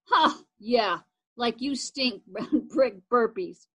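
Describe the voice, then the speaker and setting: A woman reads as a gruff schoolboy unsure of his writing skills, talking plainly and a touch sheepishly. The voice sits fairly high. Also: animated, very slow, exaggerated voice. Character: boy who struggles with writing, a bit gruff.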